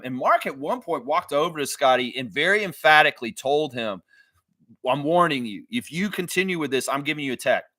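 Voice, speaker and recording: On a dry recording, a medium-pitched man hosts an informal live basketball reaction stream as a fan. His talk is loose and animated, full of free swearing and impressions of what others said.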